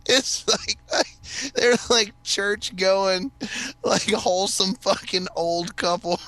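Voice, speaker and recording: Man, podcast host, cursing storyteller, sharp forceful tone, dry close mic. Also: sits high, slow, dry recording. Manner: profane, rambling storyteller who laughs often. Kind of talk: casual chat.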